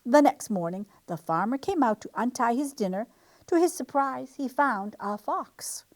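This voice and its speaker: Storytime reader, woman, expressive read-aloud, lively up and down voice. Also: on the high side, moderate pace. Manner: expressive, animated. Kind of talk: reading a picture book aloud.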